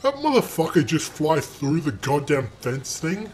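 A man's voice: fairly high pitch, big pitch swings, moderate pace, hardly any pauses, a little hiss or hum. A young man giving crude, sarcastic commentary while playing a game at home into a desk mic. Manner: crude, sarcastic trash talk at other drivers; sudden loud outbursts and shouting. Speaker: gaming channel host. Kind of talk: profane gameplay commentary. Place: room at home.

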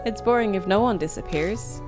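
A woman's voice: medium pitch, fairly quick, close to an everyday voice. A woman voicing an eerie, playful ghost girl who teases in a gleeful singsong over game music. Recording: game music playing behind.

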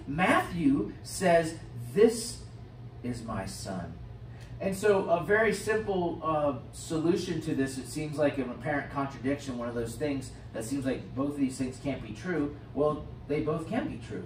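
A man with an American accent, a pastor preaching a sermon with expressive swings from loud to hushed. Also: a little high, a little slow. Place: church sanctuary. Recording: roomy church sound from a distant mic, faint hiss.

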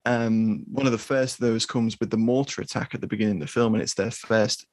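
A man co-hosting a film podcast, talking through a war film in a measured, thoughtful way. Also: lowish voice, steady tone, a little mellow, no echo. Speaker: podcast co-host. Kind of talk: casual film discussion.

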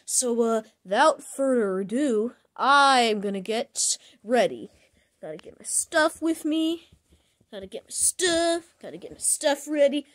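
A woman narrating her own plush toy skit in a chatty, repetitive way, talking through each step out loud. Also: fairly high pitch, expressive, unhurried. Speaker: plush video maker.

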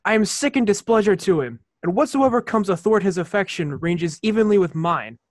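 A man's voice: high-pitched, lively intonation, fairly quick, no echo, studio quality. A teenage boy playing a bitter, scheming villainous prince in a Shakespeare school play, resentful and brooding. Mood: spiteful. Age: late teens. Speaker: student actor. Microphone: video call.

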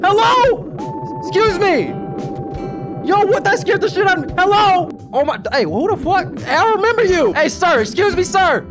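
Young adult gaming YouTuber, high and very animated delivery, profane play-by-play, music bed behind. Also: moderate pace. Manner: excitable, profane, talks to the audience as "y'all". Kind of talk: casual gameplay commentary. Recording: game music playing behind.

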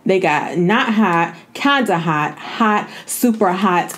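Speaking slowly and expressively, a vlogger chats informally with her audience, frequently addressing them as "y'all." Her voice is on the low side but has a fairly bright tone.

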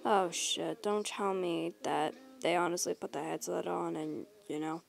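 A woman's voice: lowish voice, steady tone, measured pace, vocal fry, faint music behind, voice pushed down. Woman doing Jax, a sarcastic male rabbit. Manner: mocking, lazy drawl, swears casually. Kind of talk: fan audio role-play.

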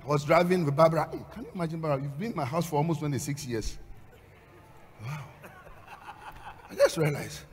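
A man preaching a sermon as a pastor, swinging between storytelling and loud, half-sung, shouted exhortation. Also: a little high, brisk, pauses often. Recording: long hall reverb.

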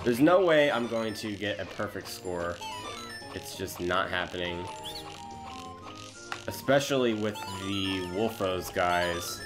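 This let's play host speaks slowly in a low, expressive voice, musing aloud and making light of himself as he plays a video game. Game music sits under his voice.

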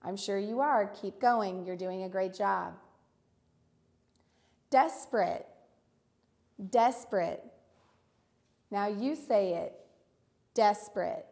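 A woman teaching an online reading lesson for young children, encouraging and repeating each word slowly. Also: mid-range voice, a little mellow.

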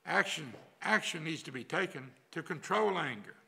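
A man's voice: on the high side, expressive, moderate pace, creaky, bright, forceful tone, slightly rough. An older man preaching a sermon as pastor, in a folksy, repetitive cadence. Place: church sanctuary.

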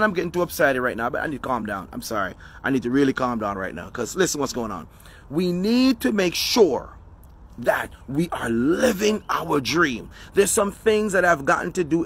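Husky, lively preachy male motivational speaker. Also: a little high. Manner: preachy, emphatic, repeats key phrases. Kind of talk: motivational talk. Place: outdoors on his front step.

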